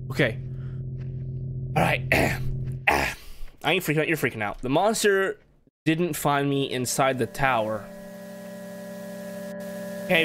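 Jumpy and yelping at scares, a man talks to himself as he plays and commentates on a horror game. His voice is on the high side, with game music under it and a noisy background.

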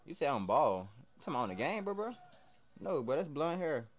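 A young man streaming live, excitably commenting on his game, shouting at teammates and chatting with viewers in heavy slang. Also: a little high, brisk. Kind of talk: live gameplay commentary and chat reading.

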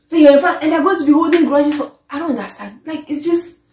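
A woman, vlogging an animated, exasperated rant to camera that often trails off. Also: high-pitched. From Africa. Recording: echoey room.

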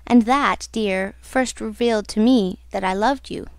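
A woman's voice: medium pitch, measured pace, clear, resonant tone, no room sound, lightly acted. A woman reading the part of a young woman singer, telling her love her story in an intimate, earnest way. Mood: confiding.

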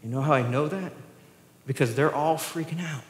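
A pastor with a Southern US accent giving a sermon, joking about himself and asking the congregation rhetorical questions. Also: male voice, a little high, moderate pace, slight background noise. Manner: self-deprecating, joking with the congregation; asks the crowd rhetorical questions. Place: church sanctuary. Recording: echoey church hall with long reverb.

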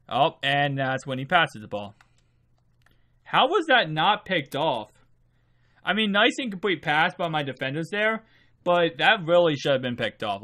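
A drowsy man talks his way through a video game match, rambling loosely and often trailing off mid-thought. Every so often he breaks into a quick excited outburst at a play. His voice sits at an ordinary middle pitch. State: sleepy, just woke up. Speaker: video game channel host. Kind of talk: casual gameplay commentary.

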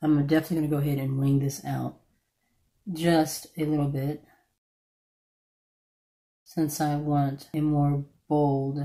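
A woman with a slightly croaky voice from allergies, chatting casually through a makeup tutorial and stopping now and then to correct herself. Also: deep voice, mellow. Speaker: beauty vlogger.

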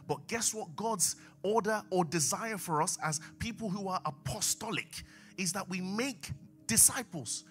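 A man preaching a sermon in a church, swinging from low asides to raised exhortation. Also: fairly bright tone.

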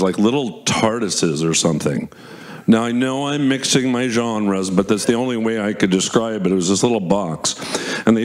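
Male stand-up storyteller, mid-pitched, rambling and self-mocking, voice rising high in the excited parts, performed live on a theatre stage. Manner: rambling, self-deprecating, swears casually.

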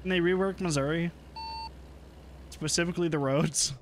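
A man's voice: a little high, fairly even intonation, moderate pace, background noise. A man streaming a truck driving game, chatting casually and thinking aloud, swearing now and then. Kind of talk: casual gameplay chat.

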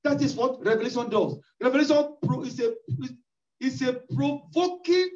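High-voiced man preaching, echoey and distant. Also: expressive, moderate pace, a little mellow. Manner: emphatic, repetitive preaching with rising cries. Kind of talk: sermon. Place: church hall. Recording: echoey distant lo-fi church recording.

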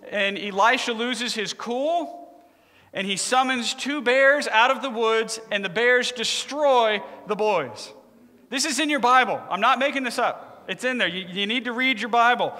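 A man delivers a sermon as lively, joking storytelling, talking to the congregation like a friend. His voice sits high and bright, and a long reverb trails behind it. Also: unhurried. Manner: joking, conversational, animated. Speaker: preacher.

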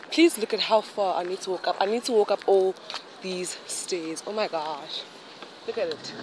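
A woman's voice: high voice, noisy background. A young woman from South Africa with a South African accent, chatting dramatically and mocking herself in a casual vlog. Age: young adult. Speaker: vlogger.

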